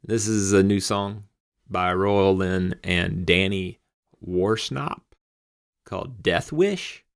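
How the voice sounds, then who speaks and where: A man's voice: deep voice, takes it slowly, creaky. A man with a Southern American accent, hosting a reaction video in a laid-back, hesitant, casual way. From Southern United States.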